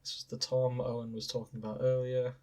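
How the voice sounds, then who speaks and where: A podcast co-host reading fanfiction summaries in casual chat, enthusiastic and quick to giggle. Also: mid-range voice, level tone, a little mellow.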